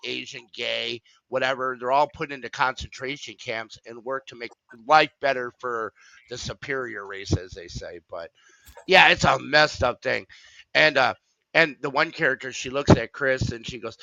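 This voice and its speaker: A man's voice: medium pitch, creaky, pushed and bright, no echo, highs cut off. A man hosting a casual stream chat, rambling with lots of fillers and restarts. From Wisconsin. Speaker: stream host.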